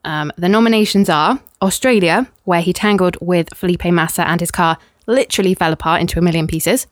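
Woman host, dry deadpan awards read, close and dry sound. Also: lowish voice, a little fast, no echo. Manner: dry, deadpan reading with bursts of laughter. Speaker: podcast co-host presenting awards. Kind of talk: scripted comic awards segment.

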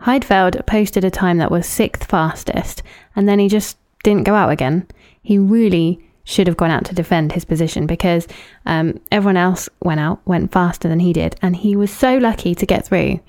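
A woman's voice: on the low side, normal speed, a little mellow. A woman co-hosting a casual chat podcast, recapping events and reading out lists of names. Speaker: podcast co-host.

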